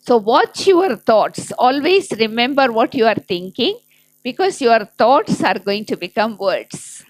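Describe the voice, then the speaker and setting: Slow-speaking woman spiritual teacher. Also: a little high, no echo, rough recording. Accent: Malaysian English. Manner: slow, gentle teaching with frequent fillers and soft laughs. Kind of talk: spiritual class talk.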